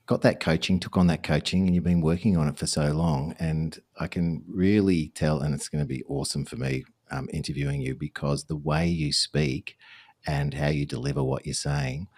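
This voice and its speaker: A man's voice: very deep voice, a little mellow. A man with an Australian accent, hosting a podcast and chatting easily with restarts. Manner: friendly, chatty, with restarts and fillers. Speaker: podcast host. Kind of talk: podcast interview, casual chat.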